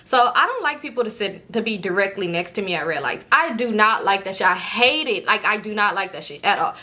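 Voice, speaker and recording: Storytime vlogger, woman, animated and profane, forceful bright tone. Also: medium pitch, fairly quick. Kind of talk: casual storytime.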